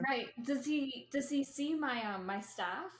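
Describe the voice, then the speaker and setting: High-voiced woman player. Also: expressive, unhurried, faint music behind. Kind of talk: playing a tabletop game.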